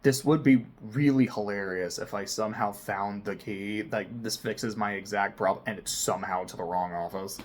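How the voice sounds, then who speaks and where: A man telling a personal story to camera in a casual vlog, swinging between loud excited bursts and quiet near-whispered asides. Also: lowish voice, moderate pace, hardly any pauses. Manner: frequent swearing, casual slang. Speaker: vlogger.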